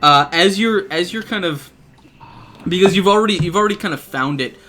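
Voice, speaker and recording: Man narrating as game master, bright tone, slightly high voice, hesitant with fillers, faint hiss. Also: fairly quick. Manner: hesitant, full of restarts and fillers.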